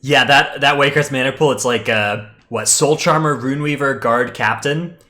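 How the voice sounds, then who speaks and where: A man's voice: mid-range voice, moderate pace, bright, forceful tone. Chatty man co-hosting a gaming podcast. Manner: chatty, many fillers and restarts. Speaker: podcast co-host. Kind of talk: casual gaming podcast chat.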